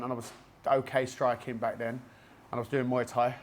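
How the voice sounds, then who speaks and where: A mid-range male voice, level in tone and brisk, carries a Cockney accent from East London, England. Sitting in a basement martial arts gym, this gym owner and jiu-jitsu black belt recounts his story for a casual podcast interview, chatty and prone to rambling.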